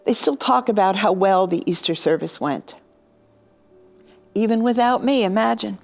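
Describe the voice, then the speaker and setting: A woman's voice: mid-range voice, expressive, normal speed, creaky, darkish tone, faint music behind. Woman pastor, devotional storytelling, earnest, emotional, mid-range voice.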